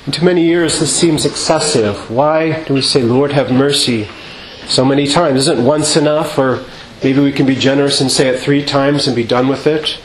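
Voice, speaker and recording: A male priest giving a measured sermon in a church, asking rhetorical questions and singing out quoted refrains. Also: medium pitch, fairly even intonation, a crowd in the background. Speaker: Orthodox priest. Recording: echoey church with faint ambience.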